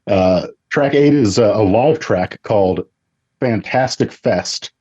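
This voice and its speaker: A man's voice: fairly low pitch, slow pace, darkish tone, slightly rough, muffled recording. A man co-hosting a casual podcast chat with laid-back, dry remarks. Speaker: podcast co-host.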